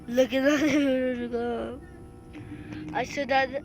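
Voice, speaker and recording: A woman's voice: high voice, extremely slow, long pauses, music in the background, low-quality recording. A woman playing a video game and commenting, jumpy and shrieky, with bursts of squealing and laughter. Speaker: gamer streaming play.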